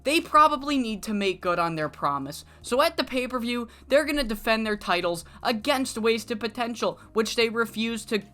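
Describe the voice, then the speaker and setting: Woman casually recapping her wrestling sim save, bright voice, swears a lot. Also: a little high, normal speed, few pauses. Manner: casual, swearing, lively retelling. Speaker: game series host.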